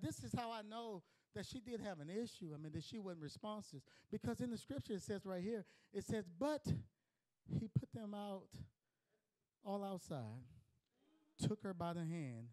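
A male pastor delivering a sermon in a strikingly high voice. He preaches emphatically, rising to shouts and then dropping to hushed lines. Between points he slips into casual, colloquial asides to his congregation. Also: poor audio.

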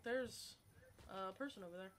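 A woman's voice: medium pitch, moderate pace, noisy background. A woman chatting casually with friends while playing a game, laughing often and swearing now and then. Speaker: streamer's teammate. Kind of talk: casual gaming chat. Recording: loud game sounds behind.

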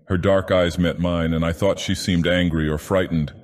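A man doing a deep, ancient god-villain narrating. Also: fairly even intonation, normal speed. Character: ancient godlike male villain, grand and menacing. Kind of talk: audiobook narration in character. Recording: long reverb added.

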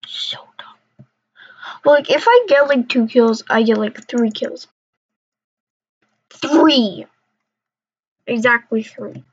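A young woman with a fairly high voice talks slowly and loosely while she plays, mumbling to herself and tossing out jokey trash talk. The sound is dull and lo-fi, like a cheap home mic. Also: breathy edge. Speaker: gamer. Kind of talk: casual gameplay commentary. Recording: dull lo-fi recording.

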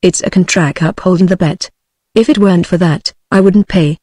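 A woman's voice: lowish voice, moderate pace, darkish tone, no room sound, studio quality, natural voice. Panicky old sailor, read by a British female text-to-speech voice. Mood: wailing. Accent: British English. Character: panicked old male sailor, whining and desperate.

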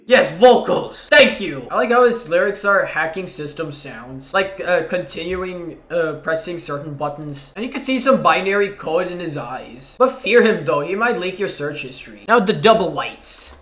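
Excitable high-voiced young man reacting. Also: moderate pace, few pauses. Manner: excitable, with sudden yelps. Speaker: game reaction YouTuber. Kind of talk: casual game reaction commentary. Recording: roomy echo.

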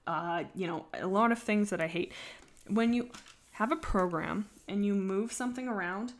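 A woman with a mid-range voice makes casual conversation on a livestream while drawing, talking at normal speed. Her chat is rambling and self-mocking, and at times her words fade softly as she concentrates.

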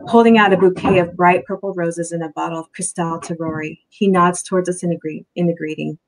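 A woman, the author, reading her novel aloud in soft, steady first-person narration. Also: on the low side, brisk.

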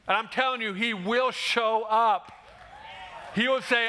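A man preaching a sermon in a church, animated and conversational, acting out quick quotes as he goes. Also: very high voice. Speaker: pastor. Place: church sanctuary.

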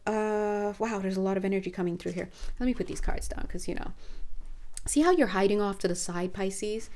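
A young woman giving a casual, chatty tarot reading to camera, animated and playful, often restarting her sentences. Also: mid-range voice. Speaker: tarot card reader.

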